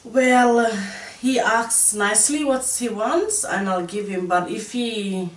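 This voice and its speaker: A young woman from Far North Queensland, a guest mother, who speaks softly and gives short answers. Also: fairly high pitch, slow. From Far North Queensland, Australia. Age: young adult. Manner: soft-spoken, short answers. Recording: echoey room, mic at a distance.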